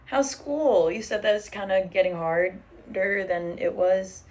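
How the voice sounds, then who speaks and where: A woman's voice: mid-range voice, expressive, measured pace, a little mellow. A young woman in casual livestream chat at home, swearing freely and reading out viewer comments while braiding her hair. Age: young adult. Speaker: streamer. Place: living room at home.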